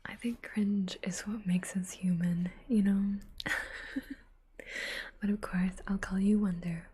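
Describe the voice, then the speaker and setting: A woman ASMR streamer in whispered role-play, chatting softly with her viewers and giggling now and then. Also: medium pitch, fairly even intonation, slow, slightly rough.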